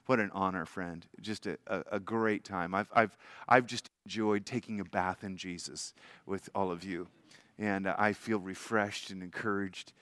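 An older man preaching a sermon as a guest preacher, with emphatic rises to loud lines and soft drops at the ends of phrases. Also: sits low, steady tone, normal speed, dry recording.

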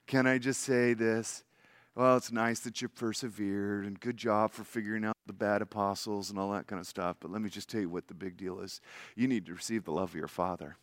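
An older man preaching a sermon as a guest preacher, with emphatic rises to loud lines and soft drops at the ends of phrases. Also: on the low side, fairly even intonation, a little fast, dry recording, clean studio sound.

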